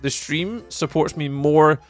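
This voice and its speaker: A young Scottish man chatting casually on a live stream, reading and answering viewer messages. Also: slow pace. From Scotland. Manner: chatty, jumps high when greeting viewers. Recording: faint music behind.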